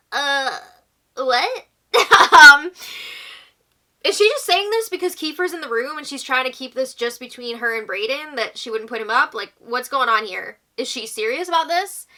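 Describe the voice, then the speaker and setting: A young woman chats through a casual recap in a very bright, slightly high voice. She reacts with quick exclamations and quotes what others said. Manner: chatty, exclaiming, quoting houseguests. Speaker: recap host. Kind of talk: casual reality-show recap.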